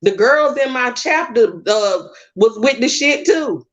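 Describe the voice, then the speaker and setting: A woman's voice: on the high side, animated, slow. Heated woman on a lo-fi call. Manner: emotional, confrontational, repeats herself. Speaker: guest. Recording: dull lo-fi online call audio.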